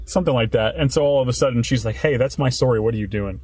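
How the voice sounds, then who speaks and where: A man's voice: medium pitch, a little mellow, husky. A young man hosting a podcast, chatting casually and joking in a parked car. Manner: quick, joking, teasing. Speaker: podcast host. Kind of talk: casual chat.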